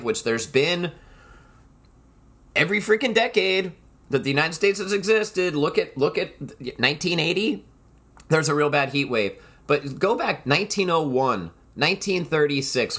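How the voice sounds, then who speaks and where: A man's voice: medium pitch, a bit bright. A man hosting his own solo podcast, talking in a rambling, emphatic way and often turning to the listeners as "folks". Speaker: podcast host.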